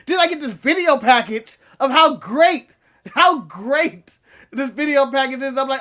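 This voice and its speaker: Animated, profane storytelling man. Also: very high-pitched, moderate pace. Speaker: podcast co-host. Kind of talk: casual storytelling chat.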